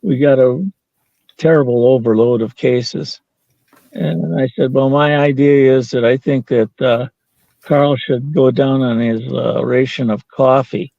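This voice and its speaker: A man's voice: medium pitch, fairly even intonation, unhurried, creaky, dry recording, lo-fi sound. An older man telling a story as an interview guest, quoting the people in it and laughing now and then. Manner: anecdotal, quoting others in dialogue, with laughs.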